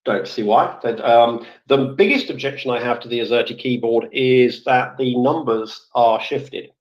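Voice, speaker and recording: A man's voice: medium pitch, moderate pace. Rambling man on a dull lo-fi stream. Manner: rambling, self-correcting, with many fillers. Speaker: guest speaker, former office IT support. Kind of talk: casual chat in a live audio room. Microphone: computer or phone mic in a live audio room. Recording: dull lo-fi online audio-room stream.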